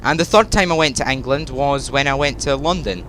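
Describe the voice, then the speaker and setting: A man's voice: mid-range voice, brisk. A teenage boy with a Scottish accent, rambling through casual gameplay commentary and often correcting himself mid-sentence. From Scotland. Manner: chatty, tangential, self-correcting. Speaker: gaming YouTuber. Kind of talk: rambling let's-play commentary. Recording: truck engine and traffic sounds under voice. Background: driving game sounds with reversing beeps.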